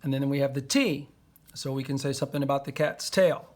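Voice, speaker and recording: A man's voice: medium pitch, fairly quick, darkish tone. A man teaching a poetry lesson to young children, patiently sounding out words and syllables.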